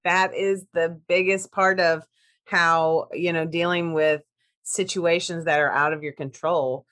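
A woman co-hosting a podcast in casual chat, animated and laughing often, restarting her sentences as she goes. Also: lowish voice, measured pace.

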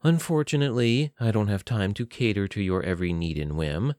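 A man's voice: lowish voice, brisk, darkish tone, no room sound, clean studio sound, close to an everyday voice. A man voicing a smug, scheming male captor who speaks with mocking, false politeness.

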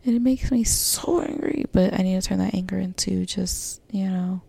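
A woman's voice: mid-range voice, normal speed, vocal fry, few pauses, dark tone, breathy edge, dry recording. A woman hosting a personal podcast, talking candidly in a rambling way with many fillers and restarts. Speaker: podcast host.

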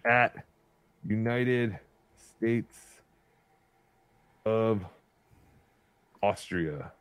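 A man's voice: lowish voice, extremely slow, a bit bright, clear, resonant tone, no echo. A man hosting a casual live podcast stream, rambling as he reads out viewer donations. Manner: rambling, reads out super chats. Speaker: podcast host.

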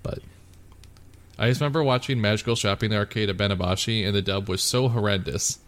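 A man's voice: lowish voice, fast talker, a bit bright. A man co-hosting a podcast, chatting casually and rambling with lots of filler words and teasing jokes. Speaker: podcast co-host. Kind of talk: casual chat.

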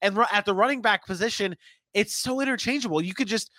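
A man's voice: high-pitched, fast talker, bright, forceful tone, no room sound. A man co-hosting a casual sports podcast, chatty and thinking aloud with frequent restarts.

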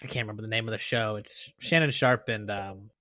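A man's voice: fairly low pitch, pushed and bright, no room sound, studio quality. A man hosting a fantasy football podcast, chatting and joking casually with his co-host. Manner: joking, quick banter with a friend. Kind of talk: casual chat.

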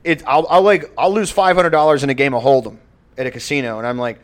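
A man's voice: medium pitch, a little fast. A young man co-hosting a podcast, chatting loosely and profanely, joking through an ad read. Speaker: podcast co-host. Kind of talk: casual podcast chat with ad read.

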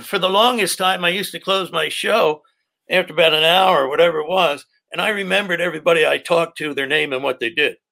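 A man's voice: a little high, fairly quick, vocal fry, pushed and bright. An older man, a stand-up comedian, telling profane rambling stories from his career in casual chat. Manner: profane, rambling anecdotes with quoted voices.

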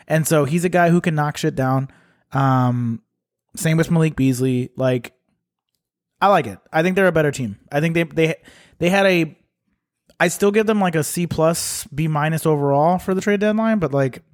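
A man's voice: a little high, normal speed, dry recording, studio quality. A man co-hosting a podcast, chatting casually about basketball in a rambling, laid-back way, laughing often. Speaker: podcast co-host. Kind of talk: casual sports talk.

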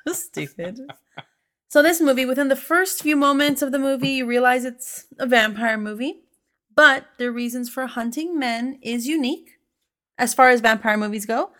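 A woman's voice: sits high, normal speed, a bit bright. A woman co-hosting a casual podcast chat about a film, emphatic and swearing freely. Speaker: podcast co-host reviewing a film.

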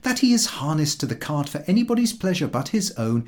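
A male reader narrates a humorous book with dry irony. His pitch moves a great deal, rising and falling across each sentence. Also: big pitch swings, brisk, darkish tone. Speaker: audiobook reader.

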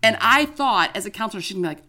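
A woman co-hosting a casual podcast chat, telling a story in an animated, expressive way. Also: medium pitch, quick pace. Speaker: podcast co-host.

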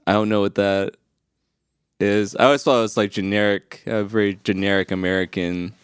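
A man's voice: on the low side, fairly even intonation, fairly quick, clear, resonant tone. A man from Michigan, a comedian guest, joking crudely and with goofy mock grandeur on a podcast.

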